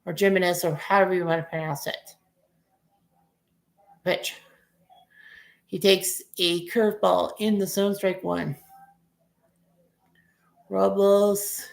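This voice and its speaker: A woman's voice: on the low side, steady tone, slow, vocal fry, long pauses, reverberant. A woman in her forties giving casual, rambling play-by-play of a baseball game as a fan streamer, cursing at bad plays. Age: 40s.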